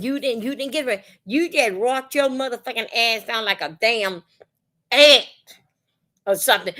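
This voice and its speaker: Blunt, profane woman livestreamer. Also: high voice. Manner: blunt, profane, animated storytelling. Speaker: livestream host. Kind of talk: casual livestream rant. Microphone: phone or webcam on livestream.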